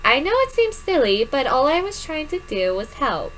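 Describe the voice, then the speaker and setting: Woman doing a soft-spoken teen boyfriend. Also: high voice, very animated, normal speed, slight background noise, rough recording. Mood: earnest. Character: teenage boy love interest, earnest, secretive.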